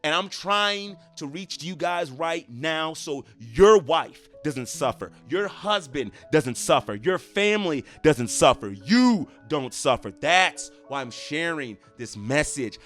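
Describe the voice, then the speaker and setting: Earnest, lively-voiced male coach. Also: a little high. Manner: earnest, emphatic, repeats for stress. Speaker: relationship coach. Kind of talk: motivational talk to camera.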